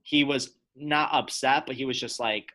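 Young adult man, bright tone, loose chatty delivery, friend-group banter. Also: medium pitch, moderate pace. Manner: relaxed, chatty, peppered with "like". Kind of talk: casual chat among friends.

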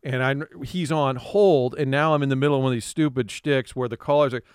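A man's voice: medium pitch, brisk, smooth, no room sound, studio quality. Man telling a story on talk radio. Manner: animated, laughs often, slips into impressions. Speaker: radio guest. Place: radio studio.

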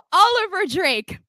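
An American woman hosting a casual live-stream chat, telling stories in an animated way with frequent swearing. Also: very high voice, no echo. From United States. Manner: animated, swearing storyteller, laughs often. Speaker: podcast host.

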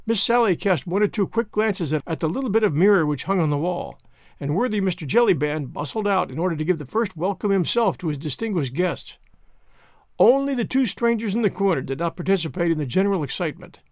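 A man narrating a classic novel in an expressive storytelling manner. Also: high voice, no room sound, studio quality. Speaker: audiobook narrator.

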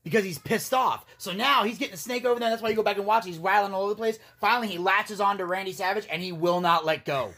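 A man's voice: high voice, quick pace, hardly any pauses, sharp tone. A man hosting a casual podcast, telling wrestling stories in a rambling, profane way and laughing as he goes. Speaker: podcast host. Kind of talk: casual storytelling recap.

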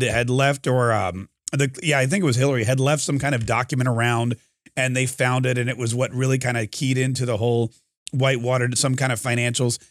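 A man delivers a loose, sarcastic commentary monologue, drifting between asides and restarting his sentences. His voice sits in a middle pitch and is recorded close and dry. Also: dry recording. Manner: rambling, sarcastic, many fillers and restarts. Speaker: podcast host.

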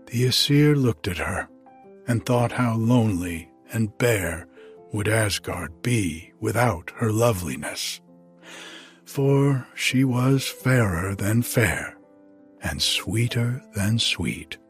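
A man reads an old myth aloud at a very slow, careful pace. His voice is low and heavily husky, with a rough grain. Soft music plays faintly under the reading. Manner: slow, deliberate storytelling. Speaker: narrator. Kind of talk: storybook narration.

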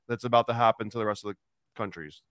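Rambling American podcast host, dry sound. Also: male voice, lowish voice, quick pace, fairly bright tone, clear, resonant tone, no room sound. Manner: rambling, with many fillers like "like". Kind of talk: casual podcast chat.

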